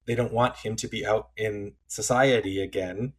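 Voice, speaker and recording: A man co-hosting a podcast, talking through a film in a thoughtful, halting way, often restarting his sentences. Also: fairly low pitch, steady tone. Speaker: podcast co-host. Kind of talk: casual film discussion.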